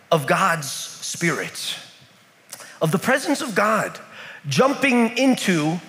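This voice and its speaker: A pastor from the United States preaches in a church hall, with his voice swinging widely in pitch. He tells his story with lots of repetition. Long reverb trails after every phrase. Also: a bit bright. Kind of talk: sermon. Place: church in Kenya.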